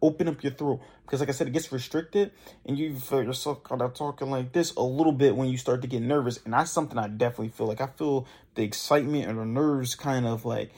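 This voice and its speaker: Quick and slightly mellow, with a husky quality, this young man's medium-pitched voice carries his podcast. He offers relaxed, conversational advice on using your voice, trying out each exercise himself as a casual lesson.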